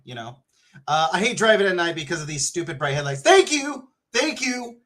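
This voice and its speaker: A man hosting a casual livestream, talking in an excitable, joking and profane way. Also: fairly high pitch. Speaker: livestream host.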